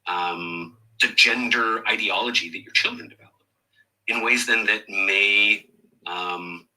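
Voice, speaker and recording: A man's voice: lowish voice, a little slow, sharp tone, rough recording. A man speaking as a guest in a discussion clip, earnest and hesitant, with many fillers. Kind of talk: discussion panel talk.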